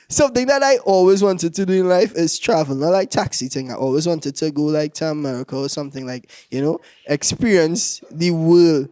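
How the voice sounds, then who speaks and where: A man's voice: on the high side, a little mellow, dry recording. A young man with a Trinidadian accent performing a stand-up comedy set, laughing through his own lines as he tells stories. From Trinidad and Tobago.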